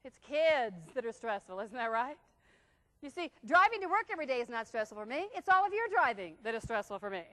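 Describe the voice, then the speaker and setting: A middle-aged woman giving a lively seminar talk on stress to a live audience, asking the room questions and acting out family scenes. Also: high voice. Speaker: stress management speaker.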